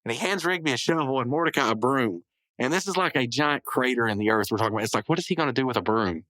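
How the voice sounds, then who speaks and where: Male podcast host, mid-pitched, rambling recap with frequent self-corrections, dry close-mic sound. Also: quick pace, a bit bright, no echo, low-quality recording. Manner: rambling, self-correcting, full of hedges and asides. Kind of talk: casual episode recap.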